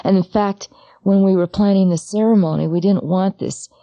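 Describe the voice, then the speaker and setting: A middle-aged woman, a psychologist and mother, gives a personal talk on loss in a mellow, warm voice. She speaks straight to the listener, intimate and halting, often circling back over her words. The recording is dry and close. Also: medium pitch, steady tone, gravelly, dry recording, dull audio.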